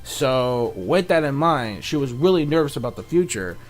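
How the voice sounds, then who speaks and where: A young man reviewing a cartoon episode in casual, rambling talk, excitable and profane, full of fillers, now and then mock-shouting in a high, exasperated voice. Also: moderate pace, soft background music. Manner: rambling, excitable, swears a lot, fills with "like" and "you know".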